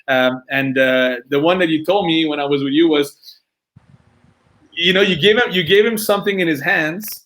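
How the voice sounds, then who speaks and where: Man host, casual chat, rambling questions, fillers, fairly high voice. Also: moderate pace, fairly bright tone.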